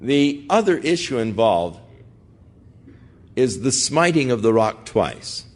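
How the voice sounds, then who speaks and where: A man's voice: mid-range voice, very animated, slow, darkish tone. An older man, a pastor, teaching through a Bible passage in an earnest, conversational way and putting direct questions to his listeners.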